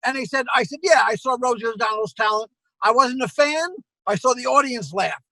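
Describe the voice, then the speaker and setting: A man's voice: extremely high pitch, a little fast, no echo, rough recording. A man who owns a comedy club, telling anecdotes as a guest and acting out the exchanges he recalls. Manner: animated storyteller acting out quoted exchanges.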